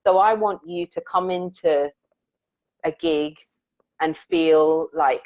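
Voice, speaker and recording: A woman's voice: sits low, takes it slowly, pauses often, dry recording. A woman musician being interviewed, talking earnestly and reflectively about her work and telling stories. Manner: reflective, earnest, acts out quoted lines. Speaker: musician guest. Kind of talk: conversational interview storytelling. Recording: dull, dry lo-fi audio.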